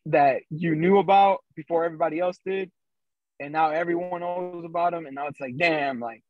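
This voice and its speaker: A man's voice: fairly high pitch, no room sound. Man rambling on a dull remote call. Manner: loose storytelling with many fillers. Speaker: podcast co-host. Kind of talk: casual chat.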